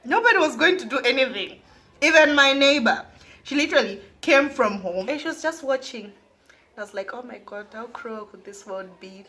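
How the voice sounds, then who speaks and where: A woman from Zambia, telling a personal story to her viewers, often laughing and dropping into hushed asides. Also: on the high side. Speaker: vlogger. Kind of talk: storytime monologue.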